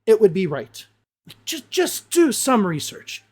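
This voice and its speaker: A woman's voice: medium pitch, big pitch swings, slow pace, a little mellow, slightly rough. Blunt, exasperated woman teacher. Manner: blunt, exasperated, swears freely. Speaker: English teacher. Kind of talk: casual reaction commentary.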